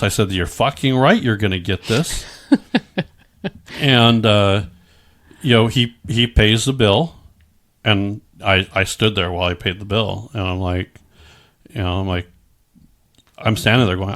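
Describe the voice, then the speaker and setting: A man's voice: on the low side, measured pace, pauses often. A middle-aged man telling his own story in casual chat, rambling with many stammered restarts and frequent swearing.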